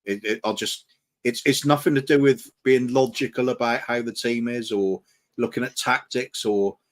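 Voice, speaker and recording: A man's voice: mid-range voice, fairly even intonation, moderate pace. A man co-hosting a live fan stream, talking in a reflective, rambling way. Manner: reflective, rambling, many restarts and fillers. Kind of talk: casual chat on a live stream.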